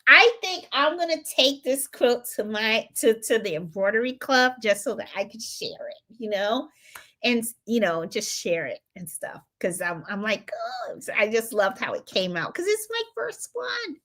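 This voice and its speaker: A woman's voice: a little high, big pitch swings, moderate pace, a bit bright. A woman from Puerto Rico hosting her embroidery channel's live stream, chatting casually, greeting viewers and reading their comments, with lots of fillers and repeats.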